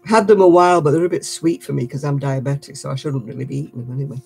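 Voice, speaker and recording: Chatty older woman, husky laugh. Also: a bass voice, fairly even intonation, rapid-fire, a little mellow. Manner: chatty, laughs often, motherly. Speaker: crafting livestream host. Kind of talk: casual chat reading viewer comments.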